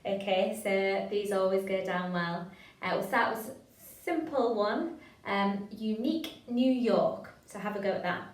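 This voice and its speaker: A woman in the middle of her pitch range leads a drama class in an encouraging, chatty manner, with plenty of fillers. Her voice sounds roomy and set back from the microphone. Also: measured pace. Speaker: drama workshop leader. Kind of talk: online drama class instruction. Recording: roomy sound from a distance to the mic.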